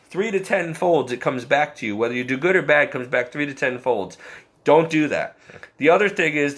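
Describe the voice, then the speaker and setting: A man earnestly sharing a personal faith story, self-deprecating and often laughing at himself. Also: fairly high pitch. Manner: quotes himself and others in animated bursts. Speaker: Catholic layman sharing testimony.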